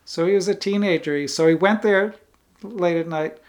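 A man giving an earnest, emphatic spiritual talk as a teacher. He repeats phrases for emphasis, restarts often and laughs softly now and then. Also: fairly high pitch, moderate pace, creaky.

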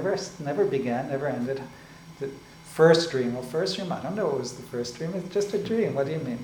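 A man's voice: on the high side, darkish tone. Man teaching in an echoey room. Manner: unhurried, explaining, often adds "right?" and "like this". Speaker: spiritual teacher. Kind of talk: spiritual discourse. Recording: echoey room with faint ambient noise.

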